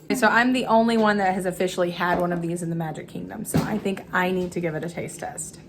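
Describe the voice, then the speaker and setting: A woman hosting a casual home cooking vlog from her kitchen, chatty and quick to laugh, with frequent "um"s. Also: lowish voice, fairly even intonation, background noise. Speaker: cooking vlog host and mother.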